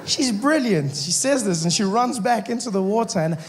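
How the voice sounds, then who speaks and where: A man with a South African accent doing stand-up, telling a story in an animated, incredulous way and acting out the people in it. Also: high-pitched, normal speed. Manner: animated, incredulous, acts out the characters. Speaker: stand-up comedian.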